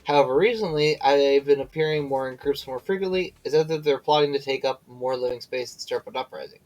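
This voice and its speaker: A tired man on a live stream reads game dialogue aloud, stumbling over words and correcting himself as he goes. His pitch sits in an ordinary middle range, and faint game music plays underneath. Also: fairly quick, a little mellow, rough recording. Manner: reads aloud with slips and self-corrections, breaks off to chat. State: tired and yawning.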